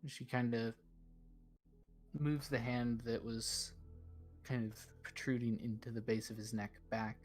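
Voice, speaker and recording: A man playing a tabletop game, describing his character's actions in casual chat and bursting out loudly over dice rolls. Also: medium pitch, a little slow, pauses often, soft background music. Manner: excitable, loud bursts when rolling dice. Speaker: player.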